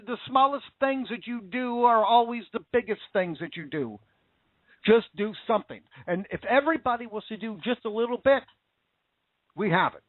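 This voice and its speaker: A man's voice: high-pitched, no echo. A man hosting an internet talk show, speaking in an impassioned, repetitive and indignant way. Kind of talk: casual political commentary. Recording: tinny phone-like line.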